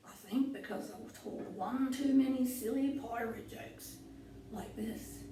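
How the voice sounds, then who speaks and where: A woman's voice: fairly high pitch, measured pace, warm tone. A woman hosting a children's craft lesson in a playful pirate persona, telling corny jokes and giving step-by-step instructions. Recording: echoey room from a distant mic with faint noise.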